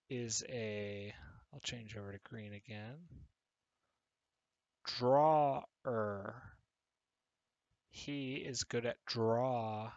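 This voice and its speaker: A man gives a recorded English lesson at a slow, unhurried pace. He explains patiently, pausing with fillers as he writes, in a dry, close-miked sound. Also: on the low side, no echo. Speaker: English teacher.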